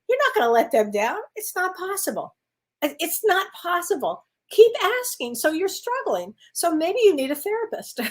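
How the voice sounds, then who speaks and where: A woman with a fairly high voice hosts a live stream, reading out viewers' questions and answering each one. She talks in a chatty, affectionate way and often calls people honey. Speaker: psychic reader and astrologer.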